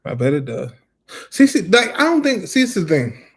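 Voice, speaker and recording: A man co-hosting a casual live chat with his wife, telling stories with lots of energy and mimicking her in a higher voice. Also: a little fast. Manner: animated storyteller, imitates his wife in a raised voice; joking, ranting, bantering. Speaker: co-host of a couple's channel.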